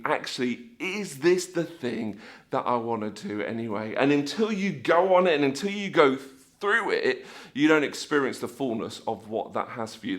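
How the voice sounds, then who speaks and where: Lively man telling a story. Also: fairly high pitch. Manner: animated storyteller, acts out scenes with sound effects. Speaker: church speaker. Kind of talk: storytelling video talk.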